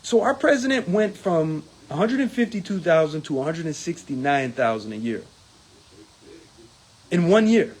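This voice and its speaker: Heated union man reporting, voice leaping high. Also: sing-song, normal speed. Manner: indignant, gets heated and rises in pitch when angry; hesitant with numbers, many ums and uhs. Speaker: union executive board member. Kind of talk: casual report to viewers.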